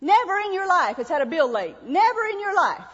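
A woman pastor delivers a folksy sermon, driving points home through repetition and little acted-out asides. Her voice sits high, and the sound is dull with a long hall reverb behind it. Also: very animated, fairly quick, fairly bright tone.

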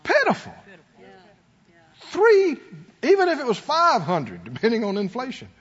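A man's voice: extremely high pitch, wildly swooping pitch, unhurried, a bit bright, slightly rough, highs cut off. A man preaching a sermon as pastor, emphatic, with call-and-response to his congregation.

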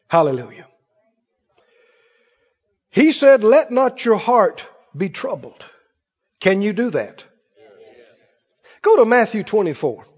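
High-voiced preacher. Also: male voice, husky, big-room sound, highs cut off. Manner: emphatic, repeats phrases, mimics other voices. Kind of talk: sermon. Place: church.

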